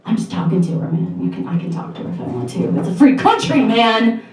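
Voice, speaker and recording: A woman's voice: a little high, very animated, quick pace, a crowd in the background, voice pushed up. A woman on stage at a live storytelling night, quoting a leering, pushy homeless man who refuses to leave. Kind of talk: live storytelling, quoted character. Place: bar, live storytelling event. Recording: roomy bar echo, distant mic.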